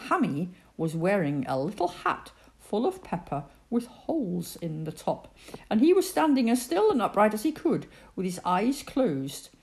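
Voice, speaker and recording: A woman reading a children's story aloud, narrating in an expressive, dramatic way. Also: mid-range voice, normal speed.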